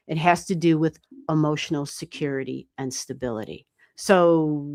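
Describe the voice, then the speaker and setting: Chatty woman astrologer, lowish voice. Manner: chatty, animated, swears casually, laughs often. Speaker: astrologer giving live readings. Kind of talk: casual livestream chat.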